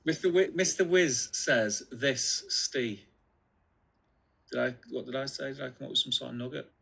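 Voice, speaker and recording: Brief: male co-host, gravelly mid-pitched voice, laid-back comment reader. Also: normal speed, a bit bright. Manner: laid-back, reads comments aloud with fillers. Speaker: co-host reading chat comments. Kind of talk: casual livestream chat.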